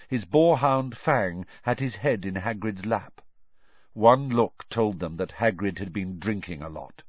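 Expressive male audiobook narrator. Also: fairly low pitch, husky, no room sound. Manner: expressive, varied reading. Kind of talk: scripted storybook narration. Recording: dry, slightly dull audio.

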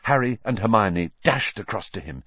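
A man reading a story aloud in a dramatic, measured audiobook style. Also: on the low side, expressive, no room sound, highs cut off. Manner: dramatic, measured, varied delivery. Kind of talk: audiobook narration.

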